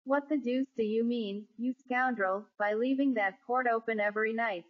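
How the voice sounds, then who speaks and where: A woman voicing an indignant gentleman passenger who scolds sternly. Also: a little high, moderate pace, natural voice. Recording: dull lo-fi recording.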